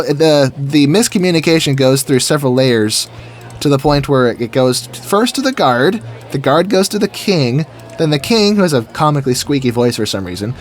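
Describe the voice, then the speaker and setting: Goofy, chatty man narrating his game. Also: medium pitch. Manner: chatty, goofy, talks to himself while building. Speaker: gaming video creator. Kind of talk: casual let's-play commentary.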